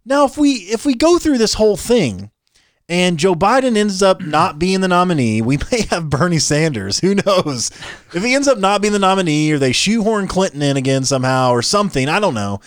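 A man co-hosting a political commentary show, talking in an animated, incredulous and joking way. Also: sits high, fairly quick, dry recording, clean studio sound. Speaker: podcast co-host.

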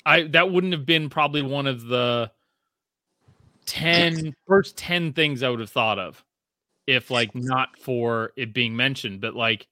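A man's voice: mid-range voice, a little slow, no room sound, clean studio sound. A man in casual chat, rambling and profane, full of fillers and restarts, voicing quotes as he tells stories. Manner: animated storytelling with voiced quotes.

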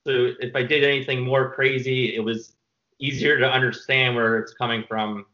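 Lo-fi sound carries a mid-range male voice at a moderate pace. He's a filmmaker in a casual interview, spinning long, animated, rambling tales full of fillers.

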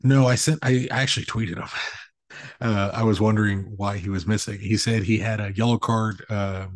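Gravelly low-voiced man, rambling chat. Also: moderate pace, dry recording. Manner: rambling, swears, animated storytelling. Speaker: podcast co-host. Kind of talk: casual chat.

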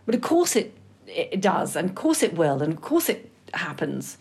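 A woman's voice: lowish voice, very animated, moderate pace, gravelly, a little mellow. A middle-aged woman co-hosting a podcast, frank and conversational, swearing casually. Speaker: podcast co-host. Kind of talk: podcast chat.

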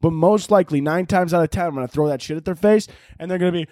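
A man doing a crude, rambling comedy monologue as a podcast host, now and then shouting out other people's lines. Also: fairly high pitch, fast, no room sound, studio quality. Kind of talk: comedic monologue answering listener questions.

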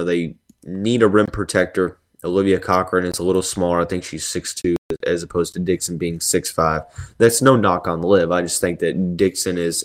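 Low-voiced man analyzing basketball. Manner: rambling, many fillers and restarts. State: yawning and sneezing. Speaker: sports podcast host. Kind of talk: solo sports analysis podcast.

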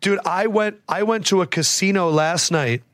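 Male podcast host, higher voice, dry close sound; hyped and slangy, quick bursts. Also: a bit bright, dry recording. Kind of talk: casual sports chat. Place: traveling abroad, remote.

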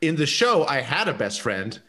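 A man co-hosting a podcast, chatting casually in an animated, jokey way, often dropping low at the ends of phrases. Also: normal speed. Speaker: podcast co-host. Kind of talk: casual chat.

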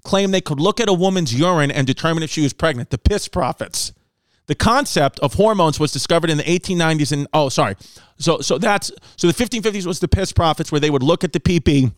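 A man hosting a comedy podcast, riffing crudely and loudly with lots of swearing and sudden put-on voices for others. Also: a little high, a little fast, no echo. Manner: loud, brash, swears a lot, animated voices for others.

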